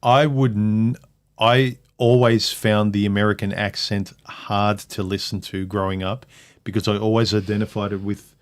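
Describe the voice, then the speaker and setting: A man's voice: fairly low pitch, flat delivery, normal speed. A man hosting a casual livestream chat, reading viewer comments aloud and reacting to them. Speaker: livestream host.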